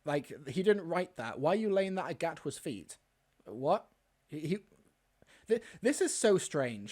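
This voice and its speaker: A man's voice: a little high, very animated, unhurried, a little mellow. A man hosting a reaction video, talking back to clips with sarcastic, exasperated commentary.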